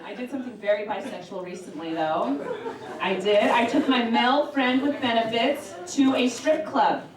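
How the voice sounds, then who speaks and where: Her voice is fairly high and moves at a normal speed, picked up far from the mic. She's a woman doing stand-up in a small club with crude, brash jokes that build to punchlines, while the crowd laughs in the echoey room.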